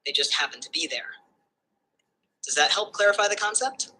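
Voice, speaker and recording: A synthetic assistant voice explaining phonetics like a patient tutor. The tone is bright and forward, with an airy, breathy edge. It lays out each point in calm, orderly steps and ends by checking for understanding. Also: medium pitch, moderate pace, low-quality recording. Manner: calm, structured explanations ending with a comprehension check.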